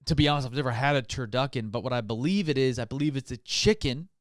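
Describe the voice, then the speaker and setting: A man's voice: medium pitch, quick pace, no echo, clean studio sound. A man hosting a comedy podcast, rambling through a hyped, mock-enthusiastic monologue. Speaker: podcast host.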